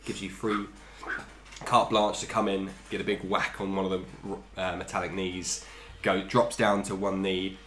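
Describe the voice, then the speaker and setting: Low-voiced man running a tabletop game. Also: little pitch movement, measured pace, a bit bright. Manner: laughs while describing combat. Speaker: game master. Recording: roomy echo with background music.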